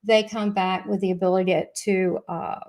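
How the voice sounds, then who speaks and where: A woman's voice: mid-range voice, little pitch movement, normal speed, darkish tone. Chatty Southern-accented woman hosting live. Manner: chatty, gushing, rambling with many asides. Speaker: host of a live spiritual show. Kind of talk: casual live-stream chat.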